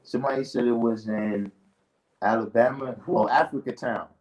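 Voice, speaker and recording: A man's voice: medium pitch, steady tone, normal speed, a little mellow, rough recording. A man hosting a livestream in casual chat, laid-back and laughing often, trailing into asides. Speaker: livestream host.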